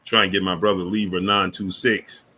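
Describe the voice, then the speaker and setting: A man with a very bright, sharp-edged voice hosts a casual sports livestream. He greets chatters one after another and leans on fillers and repeated phrases. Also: sits low, level tone, normal speed. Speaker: livestream sports show host. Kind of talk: casual live chat reading viewer names.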